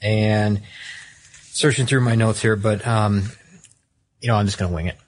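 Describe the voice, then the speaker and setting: A man's voice: on the low side, fairly even intonation, normal speed. A man co-hosting a podcast, casually telling a story from his notes, rambling and correcting himself as he goes. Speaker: podcast co-host.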